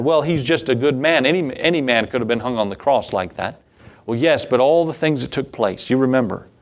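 Man preaching a sermon, rhetorical questions. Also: mid-range voice. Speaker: pastor.

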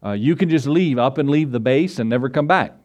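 A male pastor preaching a sermon, reading scripture slowly and asking the congregation rhetorical questions. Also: medium pitch, lively intonation, darkish tone.

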